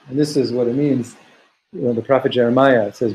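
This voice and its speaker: A man leading a text study class. He translates Hebrew and Aramaic phrases line by line and slows down to quote verses. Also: medium pitch, steady tone, a little mellow, dull audio. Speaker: teacher.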